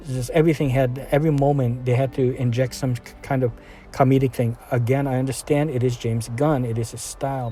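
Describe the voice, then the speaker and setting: A man's voice: mid-range voice, warm tone. A man giving a casual, rambling film review, full of fillers, restarts and trailing sentences.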